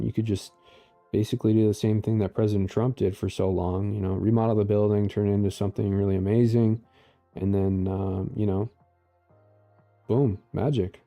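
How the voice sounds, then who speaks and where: Gravelly, dark-voiced man in his forties. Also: fairly low pitch. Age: 40s. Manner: rambling, sarcastic, many fillers. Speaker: political commentary streamer. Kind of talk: casual commentary reading posts aloud.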